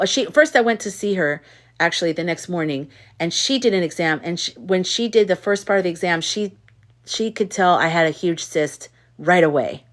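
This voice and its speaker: Woman host, lowish voice, casual livestream chat, candid and outspoken storyteller. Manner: candid storyteller who reads chat comments aloud; outspoken and exasperated in anecdotes. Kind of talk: casual live chat with viewers.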